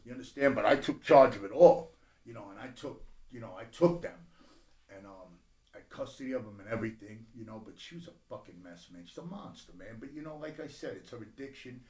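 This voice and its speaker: A middle-aged man telling his life story bluntly as a podcast guest, profane and swinging from low mutters to loud bursts. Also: expressive, fast. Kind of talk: candid personal storytelling. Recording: roomy echo.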